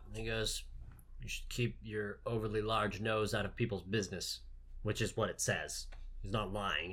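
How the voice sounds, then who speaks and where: A man's voice: medium pitch, a bit bright, breathy edge. A man co-hosting a podcast, recapping a movie in casual, profane, joking chat. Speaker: podcast co-host.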